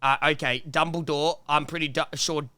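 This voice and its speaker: A man's voice: a little high, steady tone, normal speed, bright, forceful tone, clean tone. A young man co-hosting a podcast, joking around and laughing often in casual banter. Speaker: podcast co-host.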